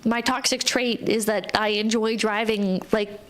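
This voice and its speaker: A woman streamer talks in a slightly high voice. She tells her story in an animated, foul-mouthed rant full of "like." She breaks off now and then to read viewer messages aloud. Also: measured pace. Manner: animated, profane, ranting with frequent "like" fillers; reads viewer messages aloud between stories. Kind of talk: casual live-stream storytelling.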